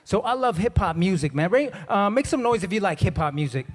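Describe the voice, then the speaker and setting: In a large conference hall with reverberant sound, a stage performer with a high-pitched voice and lively intonation talks a little fast. He tells a comic story in a relaxed, joking way and gets the audience going with call-and-response. There's a little hiss or hum in the recording.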